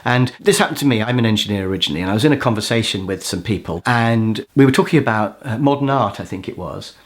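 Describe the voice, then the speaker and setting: A man teaching a course, telling a personal story in a self-mocking, animated way and acting out what people said. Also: lowish voice, fast talker. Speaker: course instructor. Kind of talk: storytelling lesson.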